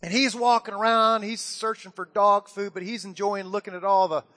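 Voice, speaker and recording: Man, pastor, animated sermon; high-pitched voice with long reverb from the hall. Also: normal speed. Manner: animated storytelling with acted-out quotes.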